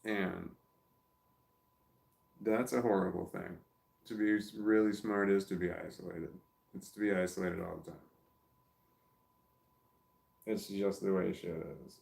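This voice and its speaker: Low-voiced guy rambling on his phone at home, swears a lot, roomy echo. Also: fairly even intonation, unhurried, creaky, pauses often, darkish tone. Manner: rambling, profane, lots of restarts. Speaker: vlogger. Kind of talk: casual rambling monologue.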